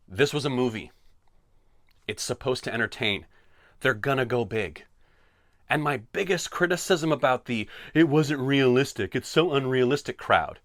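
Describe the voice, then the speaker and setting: A man hosting a solo podcast, talking in an animated, sarcastic, tongue-in-cheek way. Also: medium pitch, no echo, studio quality. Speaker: podcast host. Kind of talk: opinionated solo podcast rant.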